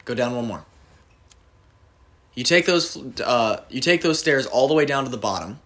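A young gameplay commentator plays a video game in a casual let's-play chat with friends, walking them through each step. His medium-pitched voice is expressive and a bit bright, at a moderate pace, over faint background noise.

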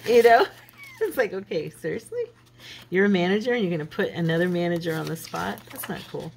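A woman's voice: lowish voice, expressive, brisk, creaky, darkish tone, a little hiss or hum, poor audio. Chatty woman crafting amid crinkling paper. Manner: chatty, rambling storyteller. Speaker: craft channel host. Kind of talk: casual chat while crafting.

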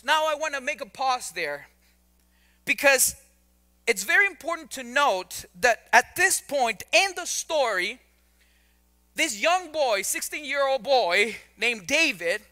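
A man's voice: extremely high pitch, sharp tone. A male pastor preaching a sermon in a conversational way, often repeating words and adding joking asides.

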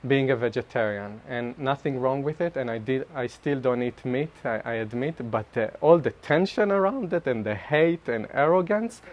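Animated man giving a spiritual talk. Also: mid-range voice, normal speed, hardly any pauses, highs cut off. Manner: animated and self-mocking, laughing often mid-sentence. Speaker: speaker sharing at a group retreat.

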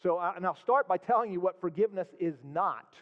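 A man's voice: high voice, animated, fairly quick. Male pastor, sermon delivery, scripture read with rising emphasis, slightly dull sound. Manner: reads scripture aloud with rising emphasis, then explains it. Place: church sanctuary. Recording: dull sound with long hall reverb.

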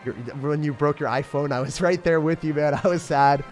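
A man's voice: a little high, steady tone, brisk, a little mellow, soft background music. A young man chatting casually and upbeat on a live game stream, rambling with lots of fillers. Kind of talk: casual live-stream chat while gaming.

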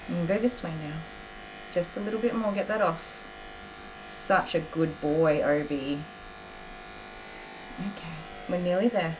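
A young woman dog groomer talking gently and coaxingly to a nervous dog while she works, openly emotional and tender. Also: mid-range voice. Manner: gentle, coaxing, soft-spoken. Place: grooming salon, indoors. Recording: clipper buzz and background noise.

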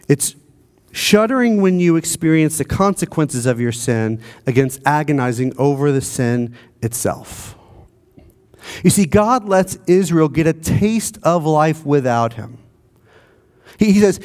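A pastor preaching a sermon in a conversational way, asking the congregation rhetorical questions. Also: male voice, a little high, lively intonation, measured pace, a little mellow. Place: church.

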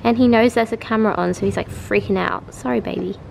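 A woman's voice: mid-range voice, fast talker, creaky, a little mellow, a little hiss or hum. A young woman chatting casually to camera in a bedroom, gushing and chatty. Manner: chatty and gushing, drops into baby talk with pets. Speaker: vlogger. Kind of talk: casual vlog chat. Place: bedroom at home.

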